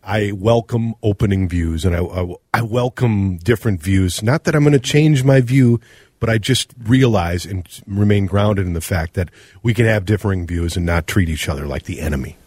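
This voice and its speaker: A man from Minnesota with a Minnesotan accent, co-hosting a radio show in casual, animated talk. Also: fairly low pitch, normal speed, slightly rough, no echo, clean studio sound. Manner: animated, ranting, mimics accents. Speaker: radio co-host.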